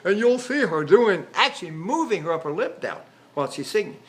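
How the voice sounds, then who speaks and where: An older man lectures on vocal technique in a rambling, demonstrative way. His speaking voice sits notably high for a man, and he keeps breaking off to show sounds and exercises. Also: very animated, brisk, slight background noise. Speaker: voice teacher.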